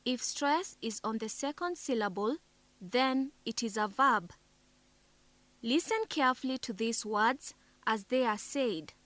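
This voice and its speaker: Slow, bright-voiced woman teaching. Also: on the high side, no room sound. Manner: deliberate, spells out syllables carefully. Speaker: teacher narrator. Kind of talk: scripted lesson narration.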